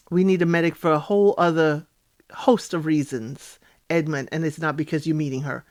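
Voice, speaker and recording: A woman hosting a casual reality TV recap, chatty and animated, acting out the cast members' lines in playful voices. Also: low-pitched, a little fast.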